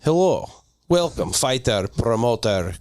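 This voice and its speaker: A man voicing a fight-sport announcer with a put-on Russian accent that slides toward Brazilian, delivering a slow, drawn-out promo pitch. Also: very animated, darkish tone. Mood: hyping. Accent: Russian drifting to Brazilian, put on.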